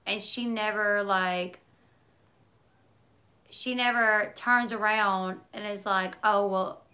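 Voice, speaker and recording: Bright-voiced chatty woman streamer. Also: medium pitch, steady tone, slow. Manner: chatty, talks in run-on asides with many likes. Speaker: livestream host reading viewer comments. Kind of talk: casual chat.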